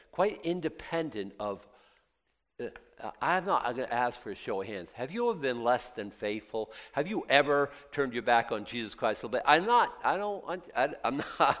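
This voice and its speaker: A man preaching a sermon, swinging between quiet reflection and loud excited emphasis, acting out the voices of biblical figures and doubters. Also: medium pitch. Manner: laughs now and then, talks in restarts.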